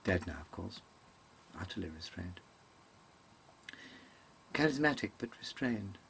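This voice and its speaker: A man's voice: deep voice, expressive, a little slow, creaky, fairly bright tone, a little hiss or hum. A man performing a rambling, digressive theatrical monologue to a webcam, hesitating often and correcting himself in mannered stage diction. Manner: digressive, hesitant, full of ums and self-corrections. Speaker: actor giving a comic monologue.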